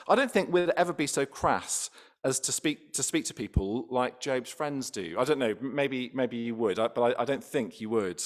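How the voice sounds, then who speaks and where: A man's voice: mid-range voice, expressive, normal speed. A man preaching a sermon in a church, talking conversationally, often restarting and asking rhetorical questions.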